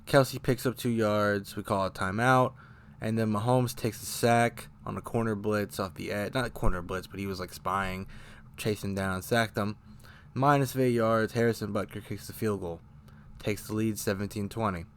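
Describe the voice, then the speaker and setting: A man's voice: on the low side, fairly even intonation, moderate pace, a little hiss or hum. A man hosting a casual fan recap of a football game, rambling and correcting himself as he goes, getting heated over bad plays. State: choking up, briefly coughing. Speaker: fan show host.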